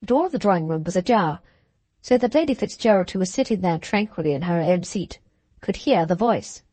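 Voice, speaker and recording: A woman's voice: lowish voice, expressive, fairly quick, dark tone, dry recording. Woman reading a novel in a dry voice. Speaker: audiobook narrator. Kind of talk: scripted audiobook narration.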